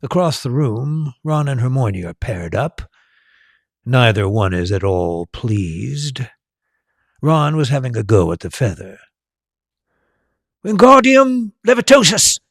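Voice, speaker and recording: Slow gravelly male storyteller. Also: fairly low pitch, expressive, a little mellow, no room sound, clean studio sound. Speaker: storyteller and tour guide. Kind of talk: storybook narration.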